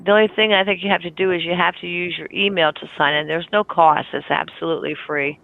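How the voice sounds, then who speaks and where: A middle-aged woman with a raspy, warm voice, hosting a casual group voice chat and laughing often. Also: lowish voice, steady tone, fast talker. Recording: tinny phone-like line.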